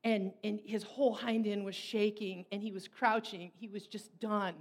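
Lively middle-aged woman telling a story. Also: mid-range voice, moderate pace. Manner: animated, run-on storytelling with repeated phrases. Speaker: speaker. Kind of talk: storytelling talk.

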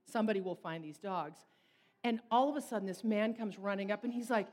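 A middle-aged woman telling a personal story in long, animated run-on sentences. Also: mid-range voice, a little fast. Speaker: speaker. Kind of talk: storytelling talk.

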